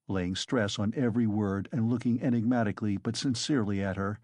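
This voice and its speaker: A man narrates an audiobook from a script in a measured, even storytelling manner. His voice is fairly low, and the studio-quality recording has no echo.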